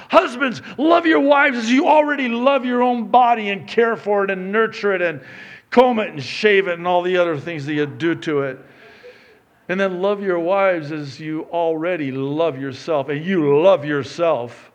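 A middle-aged male pastor preaching a sermon with a fairly high voice that swoops widely in pitch. He takes his time, dropping low for asides and climbing into loud, emphatic lines. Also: animated, unhurried.

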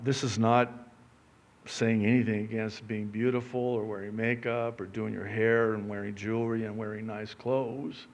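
Slow-paced joking male preacher. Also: mid-range voice. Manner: joking, self-deprecating, swings from loud to quiet. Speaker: pastor. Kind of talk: sermon.

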